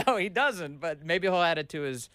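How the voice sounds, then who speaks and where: A man hosting a talk radio show, chatting casually with callers in a jokey, animated way. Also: high voice, moderate pace, no echo. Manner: jokey, laughs easily, animated retelling. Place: radio studio. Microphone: studio microphone.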